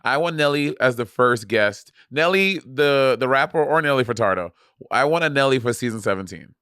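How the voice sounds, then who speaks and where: A man co-hosting a podcast in casual chat, playful and quick to laugh. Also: mid-range voice, animated, a bit bright, clean tone, no echo, clean studio sound. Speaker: podcast co-host.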